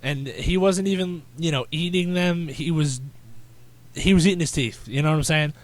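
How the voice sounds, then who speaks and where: A man's voice: on the high side, normal speed. A man hosting a podcast, telling rambling stories in casual chat with crude slang. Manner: rambling storyteller, fillers and restarts, crude slang. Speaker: podcast host.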